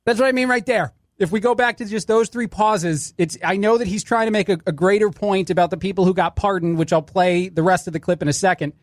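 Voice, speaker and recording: A man's voice: high-pitched, quick pace, hardly any pauses, dry recording, studio quality. A man hosting a talk radio show, giving wry, opinionated commentary on the clips he plays. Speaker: fill-in radio host.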